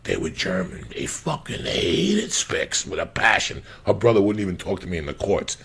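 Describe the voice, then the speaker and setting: A man's voice: low voice, big pitch swings, normal speed, a bit bright. A man telling crude stories in a casual chat, swearing constantly and acting out the voices of people he quotes. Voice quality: gravelly, husky. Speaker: comedian storyteller.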